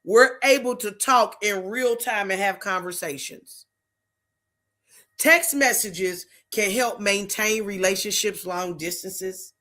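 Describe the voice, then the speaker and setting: A woman's voice: mid-range voice, takes it slowly, bright, forceful tone. A middle-aged woman hosting a faith-based talk show, talking in an emphatic, preachy, conversational way. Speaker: host.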